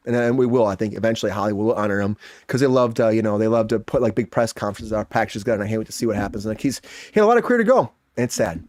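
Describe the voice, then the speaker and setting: A man hosting a comedy entertainment news show, talking fast and joking, often dropping into quick impressions. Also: medium pitch, darkish tone, no room sound, clean studio sound. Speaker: host.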